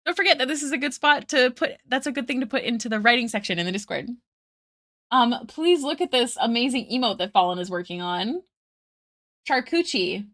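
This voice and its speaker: A woman's voice: sits high, a bit bright, no echo, studio quality. A woman art streamer chatting casually with viewers while drawing, giggling often and thanking them effusively.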